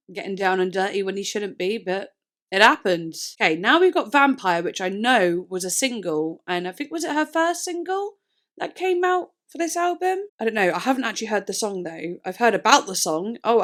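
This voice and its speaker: A young woman from the UK, speaking British English in a mid-range, slightly bright voice, chats on a music reaction vlog. Her talk is casual and rambling, jumping around as she trips over words.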